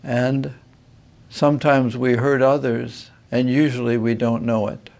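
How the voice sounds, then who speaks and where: A man, a Jesuit priest, giving a reflective teaching talk on marriage, thoughtful and unhurried, pausing to find his words. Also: medium pitch, level tone, creaky, darkish tone. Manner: unhurried, thoughtful, pauses with filler sounds. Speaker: Jesuit priest and retreat master.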